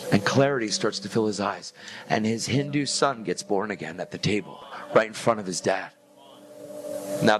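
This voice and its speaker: A man preaching a testimony, telling a story with animated energy and acting out the lines of the people in it. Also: mid-range voice.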